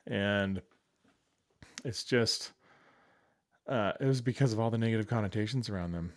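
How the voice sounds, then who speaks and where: Animated man telling stories, lowish voice. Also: moderate pace, pauses often. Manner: animated, acts out quoted voices with sudden jumps in pitch and volume. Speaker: guest. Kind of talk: casual interview storytelling.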